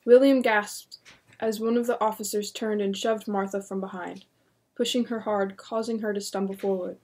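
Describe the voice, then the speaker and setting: A woman reading a horror novel aloud in a steady, measured narration. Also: medium pitch, slightly rough. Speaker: audiobook reader.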